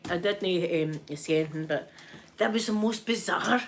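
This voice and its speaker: A woman's voice: lowish voice, normal speed, slight background noise. A Scottish woman telling a story to her live chat in a casual way, acting out what people said and often asking "right?". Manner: animated, tags lines with "right?", acts out what people said. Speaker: ASMR streamer chatting with viewers.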